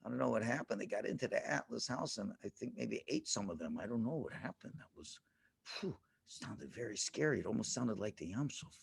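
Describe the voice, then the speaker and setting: A man's voice: medium pitch, very animated, brisk, vocal fry, breathy edge. A male rabbi telling a story to children with dramatic flair and frequent questions to them. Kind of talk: animated storytelling lesson.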